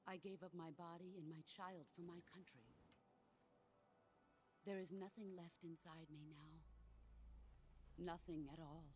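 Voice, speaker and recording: An actress voicing a legendary middle-aged woman soldier in a video game cutscene, speaking in a calm, measured, solemn way. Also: fairly low pitch, slight background noise, close to an everyday voice. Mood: mournful. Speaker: game character.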